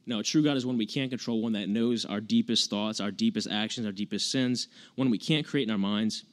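A man's voice: lowish voice, a little fast. A man preaching an informal sermon, earnestly retelling scripture in plain, everyday words with frequent restarts.

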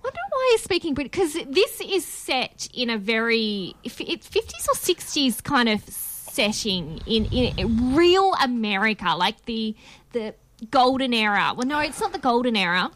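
A woman co-hosting a podcast in a casual chat, chatty and quick to laugh. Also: on the high side, very animated, a bit bright, a little hiss or hum, rough recording. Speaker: podcast co-host.

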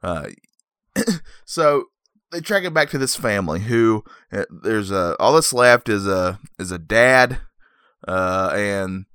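A man hosting a podcast, recapping a movie in a rambling, wry way with joking asides and frequent throat clearing. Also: fairly low pitch, animated, takes it slowly, a bit bright, dry recording, clean studio sound. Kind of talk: casual comic movie recap.

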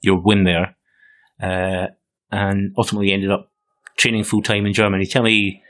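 A man's voice: low-pitched, little pitch movement, moderate pace, a bit bright. A man hosting a casual interview. He laughs along with his guest and gives brief reactions. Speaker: podcast host.

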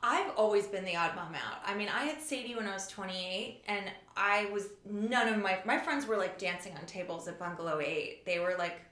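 A woman in her forties, a guest in a casual interview, telling stories quickly with a wry sense of humor. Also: medium pitch, fairly bright tone. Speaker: author and show creator guest. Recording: echoey room.

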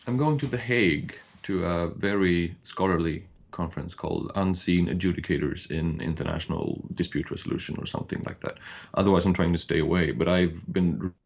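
A Swedish man in his thirties co-hosts a podcast, explaining legal ideas thoughtfully in casual chat and restarting often. His voice is low-pitched and creaky, a little fast, and the audio is dull.

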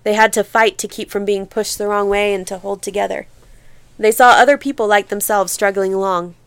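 A woman narrates a novel in a measured, vivid reading. Her voice is smooth and resonant at an ordinary pitch. The sound is dry and close, with no room around it. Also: steady tone, dry recording. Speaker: audiobook narrator. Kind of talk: scripted narration.

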